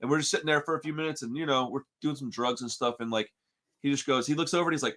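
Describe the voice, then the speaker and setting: A man from Texas telling a story on a podcast in casual chat, slangy and animated, calling everyone dude and bro. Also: medium pitch, fast. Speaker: podcast co-host.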